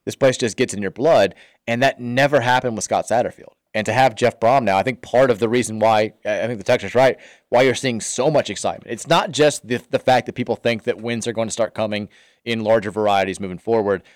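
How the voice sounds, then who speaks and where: A man's voice: on the low side, fairly quick, no room sound, clean studio sound. A man co-hosting a sports radio show, chatting casually and reading listener texts aloud.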